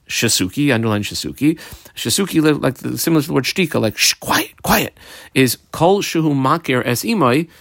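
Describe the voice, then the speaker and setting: A man with a mid-range voice teaches a page of Talmud in a casual, explanatory way, translating Hebrew and Aramaic terms into plain English as he goes. The sound is clean studio audio with no echo.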